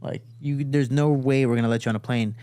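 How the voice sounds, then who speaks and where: A man's voice: medium pitch, steady tone, brisk, dark tone. A man hosting a podcast, telling a story casually with plenty of swearing and acting out the voices of the people in it. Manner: profane, acts out quoted voices. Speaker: podcast host and fighter. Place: studio.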